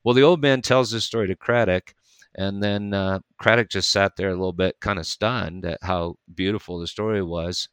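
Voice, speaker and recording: Low, smooth-voiced man telling a story. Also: dry recording. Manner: animated storyteller, quick bursts. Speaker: preacher. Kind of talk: casual storytelling conversation.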